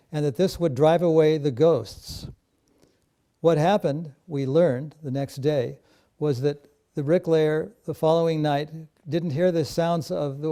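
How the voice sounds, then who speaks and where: Brief: man recounting a memory, measured and warm-toned, dark voice. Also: a little high. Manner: measured storytelling with fillers. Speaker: devotee recalling memories. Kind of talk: personal reminiscence.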